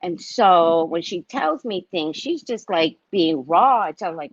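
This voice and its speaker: A woman in her fifties, a psychic reader, telling stories in a dramatic, animated way and speaking to her viewers like family on a casual livestream. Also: fairly low pitch, unhurried, few pauses, dry recording, lo-fi sound. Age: 50s.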